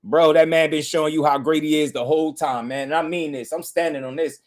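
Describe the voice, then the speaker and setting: A man's voice: on the high side, steady tone, a little fast. A man hosting a boxing channel, ranting in casual commentary with heated, profane emphasis.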